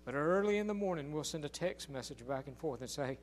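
An older man preaching a sermon, telling a folksy story with emphatic, drawn-out phrases. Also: on the high side, lively intonation, a little hiss or hum.

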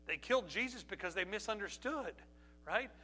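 A middle-aged man preaching a sermon, emphatic, with rhetorical questions and voice that drops low and quiet at personal moments. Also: expressive, moderate pace. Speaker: pastor.

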